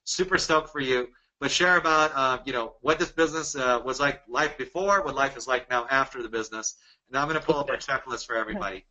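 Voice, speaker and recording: A man from Dallas presenting a sales webinar, energetic and persuasive, firing off rhetorical questions. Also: medium pitch, quick pace, highs cut off. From Dallas, Texas.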